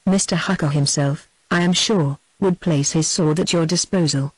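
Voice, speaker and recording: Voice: medium pitch, moderate pace, slightly rough, no echo, lightly acted, poor audio. A narrator reading the lines of a hesitant, ill-at-ease lawyer in an audiobook, dry and close. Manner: hesitant, guarded. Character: hesitant, uneasy older male lawyer.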